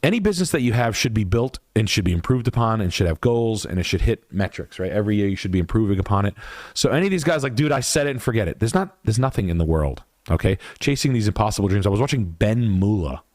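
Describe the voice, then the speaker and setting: A man hosting a podcast rants hotly and swears freely. His pitch leaps all over the place. The mic is close and dry in a studio. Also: quick pace, no echo. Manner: heated, profane, animated. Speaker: podcast host. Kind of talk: casual rant on a livestream.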